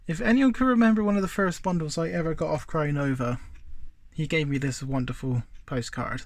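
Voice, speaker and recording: A man with a fairly high voice chats through a show-and-tell of his collection, rambling from item to item with plenty of asides. He films on a phone held in his hand, indoors at home. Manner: chatty and rambling, many fillers and asides. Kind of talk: casual show-and-tell vlog. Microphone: handheld phone.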